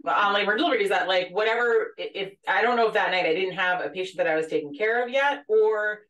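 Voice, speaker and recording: A woman co-hosting a podcast, a former labor and delivery nurse telling a story in animated, casual chat full of fillers and laughter. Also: mid-range voice, quick pace, recorded from a distance, lo-fi sound. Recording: echoey room, voice a bit off-mic.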